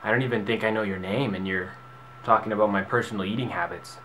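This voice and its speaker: A man's voice: fairly low pitch, fairly even intonation, fast talker, fairly bright tone, slight background noise. Rambling sarcastic young man vlogging. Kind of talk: comedic vlog monologue.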